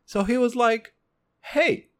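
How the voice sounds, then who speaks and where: A young man from Israel hosting a casual solo podcast, rambling and joking with constant swearing and sudden pitch jumps. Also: big pitch swings, normal speed. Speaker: podcast host.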